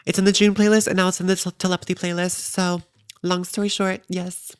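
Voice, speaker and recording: Smooth-voiced young woman, upbeat chatter. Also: on the low side, flat delivery, brisk, dry recording, studio quality. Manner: chatty, upbeat, casual slang. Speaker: podcast co-host. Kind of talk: casual chat.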